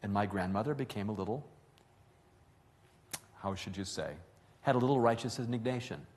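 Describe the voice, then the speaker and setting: A man's voice: lowish voice, animated, moderate pace, a little mellow, long reverb tail. A man telling a family story to an audience in a conversational way, correcting himself as he goes. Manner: conversational, with fillers and self-corrections.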